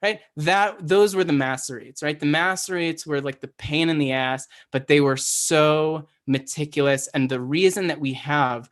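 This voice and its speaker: A man's voice: a little high, normal speed, hardly any pauses, a bit bright. A man giving a casual, conversational Hebrew lesson, often checking in with "right?" and restarting his sentences. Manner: conversational, self-correcting, asks "right?" often. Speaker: Hebrew teacher. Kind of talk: casual lecture.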